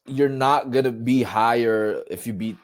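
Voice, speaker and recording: A man co-hosting a boxing podcast, talking in a relaxed, rambling way with lots of filler words. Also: medium pitch, a little slow. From Philippines. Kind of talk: casual chat.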